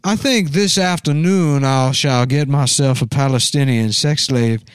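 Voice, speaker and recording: A man voicing a pompous, greedy Southern dandy man, with a slow, grandiose drawl. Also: high-pitched, dry recording, pitched above the performer's own voice. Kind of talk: mocking impression.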